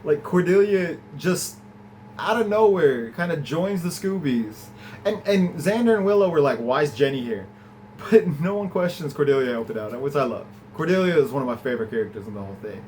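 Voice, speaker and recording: A man hosting a podcast, recapping and reviewing an episode in a casual, enthusiastic way, laughing often and letting his pitch jump up when he gets excited. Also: a little fast, slight background noise, rough recording. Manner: chatty and enthusiastic, laughs often, swings from low to high pitch.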